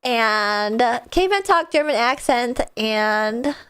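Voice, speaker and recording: A woman streaming a video game, chatting excitedly and casually, swearing now and then. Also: a little high, slow pace, smooth. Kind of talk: casual gameplay livestream chat. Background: faint game music.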